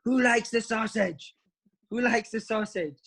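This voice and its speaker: A man putting on the voice of a furious football manager, ranting in drawn-out, indignant shouts. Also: very high voice, fairly even intonation, voice pushed up, full character voice.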